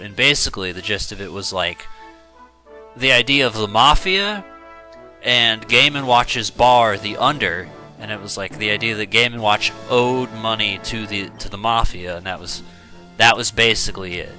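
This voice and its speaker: A man's voice: fairly low pitch, moderate pace, bright, forceful tone, faint music behind. A man casually telling rambling stories with lots of fillers while playing a video game. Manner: rambling, storytelling, many fillers. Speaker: gaming YouTuber. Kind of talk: casual let's-play commentary.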